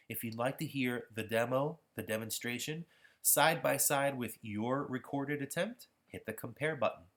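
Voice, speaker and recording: A man giving a patient, explanatory pronunciation lesson while walking through practice software. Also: mid-range voice. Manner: patient, explanatory, self-correcting. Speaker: pronunciation instructor. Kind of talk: software demonstration tutorial.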